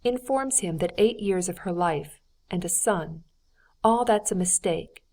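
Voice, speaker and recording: A woman voicing a cold, formal nobleman in an audiobook, measured and restrained in delivery. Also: on the low side, darkish tone, close to an everyday voice. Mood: bitter. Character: cold, stiff, wounded older nobleman. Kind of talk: audiobook character reading.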